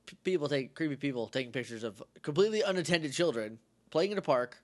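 A man's voice: fairly high pitch, quick pace. A man co-hosting a podcast, chatting casually and acting out characters' lines as he recaps a TV episode. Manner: animated, acts out characters' lines mid-story. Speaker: podcast co-host.

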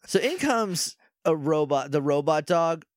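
A man co-hosting a casual podcast, recapping a TV episode in lively conversation. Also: a little high, unhurried, no room sound, studio quality. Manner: lively, animated, acts out lines from the show. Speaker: podcast co-host.

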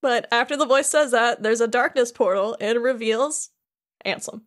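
A woman's voice: a little high, normal speed. A woman co-hosting a podcast, casually recapping a video game, laughing often and acting out lines in jokey voices. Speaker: podcast co-host.

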